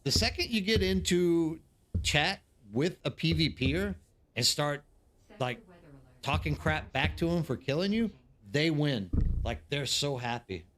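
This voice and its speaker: A man in his thirties hosts a casual live stream and tells long, rambling stories to his chat. His voice sits a little high for a man. He fills his talk with "like" and often restarts his sentences. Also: animated, unhurried, a bit bright. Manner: rambling anecdotes with many fillers and restarts. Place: living abroad in South Korea.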